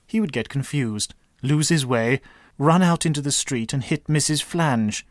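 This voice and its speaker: A man narrating a comic story with a dry, deadpan delivery. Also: mid-range voice, no echo.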